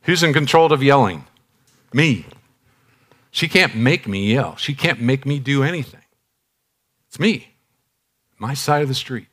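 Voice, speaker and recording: A man in his sixties giving a sermon, confessional and direct, moving from loud emphatic bursts to soft hushed phrases and repeating key lines. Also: medium pitch, expressive, a little slow, long pauses. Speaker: preacher.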